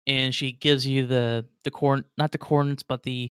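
Smooth-voiced man narrating a tabletop game. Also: mid-range voice, level tone, moderate pace, a bit bright, no room sound, studio quality. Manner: rambling, many fillers and restarts. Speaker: game master.

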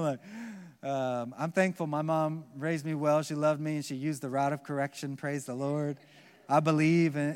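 American male pastor, fairly high voice, live sermon, dynamic soft-to-loud delivery, long church-hall reverb. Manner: preaching with emphatic swings between soft and loud.

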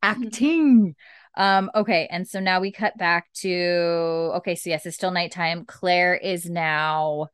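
A woman hosting a podcast, recapping a TV episode at home in a casual, animated way, full of "she's like". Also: lowish voice, unhurried, hardly any pauses, smooth, dry recording, clean studio sound. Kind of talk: casual chat. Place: home, with pets nearby.

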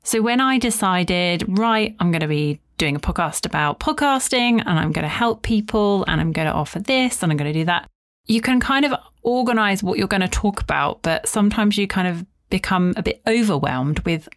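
Woman, solo podcast host, slightly low voice, chatty and rambling, quick acted-out asides. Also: expressive.

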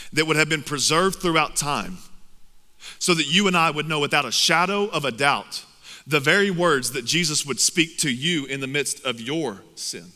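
A man preaching a sermon as pastor, impassioned, moving between loud urging and hushed intensity. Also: mid-range voice. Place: church hall. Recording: long reverb of a large hall with music behind.

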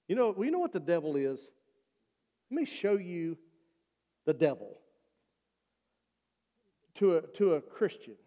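Guy preaching a sermon, earnest pastor, fairly high voice, long echo off the church walls. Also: normal speed, long pauses, a little mellow. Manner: earnest preaching, repeating appeals. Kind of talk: sermon and altar call. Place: church sanctuary.

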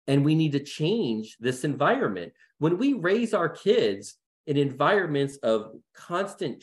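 Earnest middle-aged man, emphatic talker. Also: medium pitch. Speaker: guest speaker. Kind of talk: panel discussion.

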